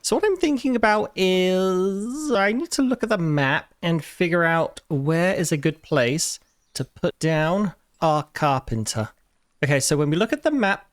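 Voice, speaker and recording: A man talks through his gameplay in a loose, conversational way, as a regular host would. He chats directly to the game's characters and now and then leaps into high, indignant outbursts before settling back down. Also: no room sound, studio quality. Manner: chatty, talks to game characters, mock outrage in sudden high bursts. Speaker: gaming YouTuber. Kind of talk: casual gameplay commentary.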